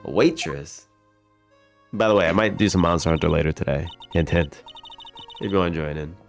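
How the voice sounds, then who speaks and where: Low creaky guy doing casual let's play chat, joking and laughing, music soft in the back. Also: fairly quick. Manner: joking, laughs often, hesitant restarts. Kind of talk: casual game commentary.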